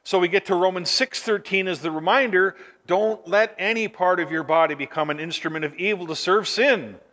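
High-voiced preacher in a reverberant hall. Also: male voice, a little fast. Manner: dynamic, swings from near-shouting to hushed. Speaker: pastor. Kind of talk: sermon.

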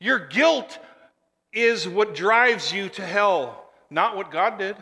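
A male pastor preaching a sermon, emphatic and building to forceful declarations, leading the congregation in call and response. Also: high voice, lively intonation, slow, big-room sound.

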